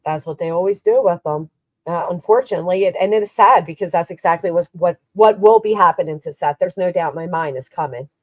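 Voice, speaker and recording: A woman's voice: lowish voice, fast talker, a little mellow, no room sound. A woman hosting a livestream, talking in a blunt, opinionated way in casual chat. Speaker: livestream host.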